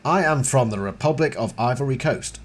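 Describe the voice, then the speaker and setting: A man's voice: mid-range voice, lively intonation, fairly quick, a little hiss or hum, close to an everyday voice. A man voicing an alien posing as a human boy, speaking in a stiff, stilted way.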